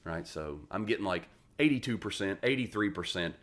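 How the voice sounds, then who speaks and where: Retired Marine, forties, from West Virginia; very deep voice, salty casual storyteller. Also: male voice, a little fast. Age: 40s. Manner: profane, animated storyteller who acts out quoted dialogue. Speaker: podcast guest, retired Marine.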